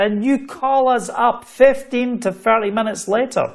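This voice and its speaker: A man's voice: very high-pitched, unhurried. A middle-aged man from the United Kingdom preaching a sermon, telling a story and acting out the voices of the people in it. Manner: animated, acts out quoted voices in storytelling.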